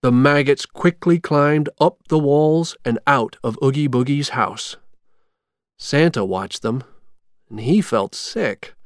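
A storyteller reading a storybook aloud in a slow, clear, expressive way. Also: mid-range voice, no room sound, studio quality. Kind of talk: scripted storybook narration.

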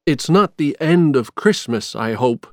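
A man's voice: medium pitch, lively intonation, unhurried, a little mellow, dry recording, clean studio sound, lightly acted. A man voicing a brave, determined skeleton hero in a storybook reading, speaking firmly and earnestly.

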